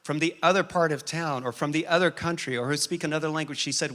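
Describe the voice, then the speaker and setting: A man preaching a sermon and telling a personal story with animated shifts in pace and loudness. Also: a little high, fast, hardly any pauses. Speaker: pastor.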